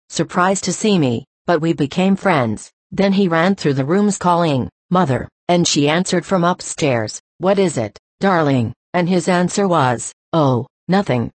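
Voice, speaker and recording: Earnest woman reading a sermon, low voice. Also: no echo. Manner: earnest, measured, exhorting. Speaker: speaker reading a church address.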